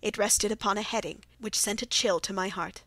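A woman narrating a classic detective story audiobook in a steady, even reading. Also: medium pitch, a little fast, no room sound. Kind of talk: scripted narration.

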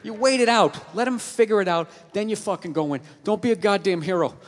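A man doing stand-up comedy, loud and profane, ranting and mocking people in put-on voices. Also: sits high, a little fast. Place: comedy club stage. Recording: live club recording with crowd laughter. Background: audience laughing.

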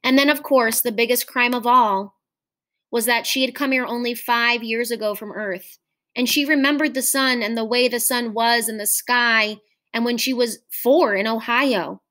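Woman reading a story aloud, fairly high voice. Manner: measured, expressive storytelling. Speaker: teacher.

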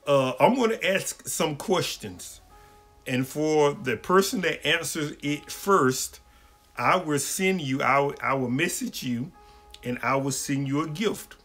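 A man's voice: on the high side, lively intonation, measured pace, a bit bright, faint music behind. A man, a pastor hosting a livestream question-and-answer session and greeting viewers by name in a folksy way. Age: adult, married.

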